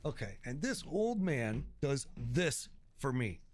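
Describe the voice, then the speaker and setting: A man's voice: medium pitch, sing-song, takes it slowly, a little mellow, slight background noise. A middle-aged man from Chicago, a streamer chatting casually and telling slangy stories with frequent laughs. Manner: storytelling, laughs often, slangy. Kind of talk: casual chat. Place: home streaming setup.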